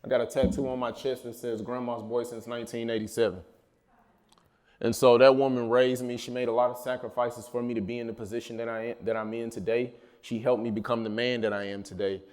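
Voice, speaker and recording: A man's voice: mid-range voice, little pitch movement, fairly quick, a little mellow. Man telling family stories to a crowd. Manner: casual, personal storytelling with call-and-response asides. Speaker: speaker at a mental health summit. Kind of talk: motivational talk to students. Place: college event hall.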